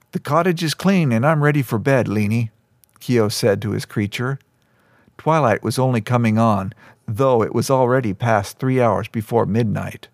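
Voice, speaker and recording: A man narrating an audiobook podcast in a steady, even storytelling voice. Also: medium pitch, no echo, studio quality.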